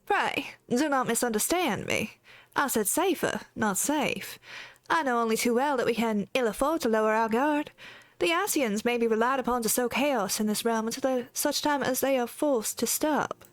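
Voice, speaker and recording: A woman's voice: on the high side, moderate pace, dry recording, natural voice. A woman putting on a stately Southern belle leader. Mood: earnest. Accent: put-on American Southern. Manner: earnest, stately speech. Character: grave leader woman with a put-on Southern drawl. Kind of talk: reading game dialogue aloud.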